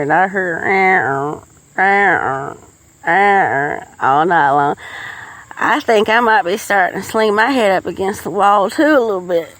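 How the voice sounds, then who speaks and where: A woman's voice: mid-range voice, poor audio. A middle-aged woman telling folksy, rambling stories as a podcast host. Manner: rambling, folksy, with frequent restarts. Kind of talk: casual storytelling monologue.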